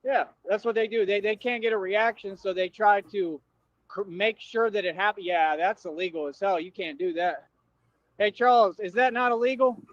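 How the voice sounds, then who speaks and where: A man's voice: high-pitched, normal speed, no echo. A man on a livestream delivering a confrontational, slangy rant at his viewers, repeating himself as he goes. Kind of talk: ranting livestream monologue. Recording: dull dry livestream audio.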